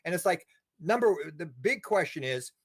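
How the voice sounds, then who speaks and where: An older man talks as an interview guest, his voice sitting a little high for a man. He tells stories with energy, doubling back on words and restarting sentences as he goes. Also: normal speed. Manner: animated storyteller, many restarts and repeated words. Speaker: interview guest, UFO researcher. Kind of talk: casual interview talk.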